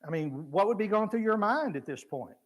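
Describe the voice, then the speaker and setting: A man's voice: high voice, a little fast. A man preaching in a church, teaching conversationally and acting out the voices of people in the story. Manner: acts out biblical voices with lively shifts, chuckles. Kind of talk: conversational Bible class teaching.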